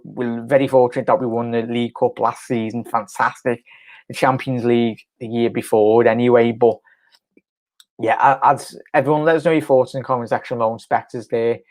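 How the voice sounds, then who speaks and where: A man hosting a casual live football reaction, rambling with lots of fillers and answering viewer comments. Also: mid-range voice. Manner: rambling, chatty, many fillers and restarts, reads viewer comments aloud. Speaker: fan channel host.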